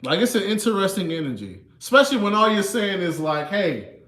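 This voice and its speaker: A man in his thirties hosts a casual livestream, his high voice very animated, fast and a bit bright in a roomy space. He's laid-back, chuckling often and ending lines with "you know" and "man."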